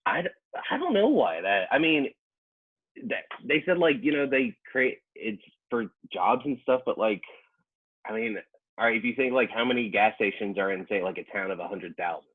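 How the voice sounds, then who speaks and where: Husky man on a tinny line. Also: lowish voice, animated, moderate pace. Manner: hesitant, full of restarts, laughs easily. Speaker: professional cook, podcast guest. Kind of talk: casual chat.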